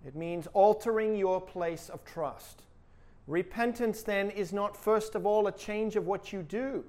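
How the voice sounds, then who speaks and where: A man's voice: high-pitched, unhurried, darkish tone. A male pastor preaching a sermon with emphatic delivery and rhetorical questions.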